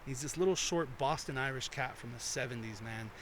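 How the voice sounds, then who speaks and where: A man of medium pitch talks a little fast, his tone a bit bright, while telling long, profane anecdotes on a podcast where he's a guest. He slips into quoted voices during the casual storytelling, and slight background noise comes through the headphones and studio mic.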